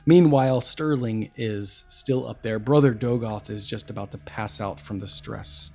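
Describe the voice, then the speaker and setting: A man's voice: on the low side, measured pace, gravelly, dark tone, soft background music. A man running a tabletop fantasy game, describing scenes and calling for dice checks. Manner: theatrical, descriptive narration. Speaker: game master.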